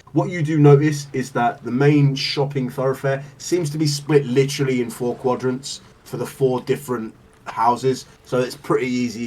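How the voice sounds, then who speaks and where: A man's voice: medium pitch, darkish tone, far from the mic, a little hiss or hum, low-quality recording. A man narrating as game master, rambling with lots of fillers and laughing as he describes scenes.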